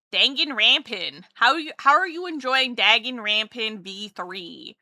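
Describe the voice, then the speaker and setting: A woman's voice: fairly high pitch, animated, a little slow, hardly any pauses, bright, forceful tone, dry recording, studio quality, faint music behind. A woman streamer chatting casually and playfully with her chat while drawing, rambling from one thought to the next. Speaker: streamer and artist.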